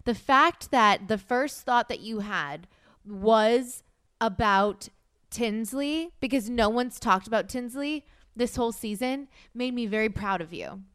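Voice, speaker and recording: A woman co-hosting a podcast in casual chat, animated and teasing, laughing often. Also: on the high side, unhurried, clear, resonant tone, dry recording, clean studio sound. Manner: reads text aloud in a mocking voice. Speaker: podcast co-host.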